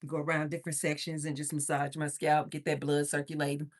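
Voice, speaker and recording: A woman's voice: sits low, flat delivery, brisk. A woman from Missouri hosting a casual livestream, chatting, reading viewer comments aloud and laughing often, a little out of breath from moving around. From Missouri, USA. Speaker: livestream host.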